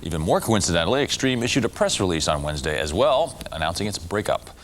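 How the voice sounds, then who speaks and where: Brisk deep-voiced news narrator, man. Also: big pitch swings.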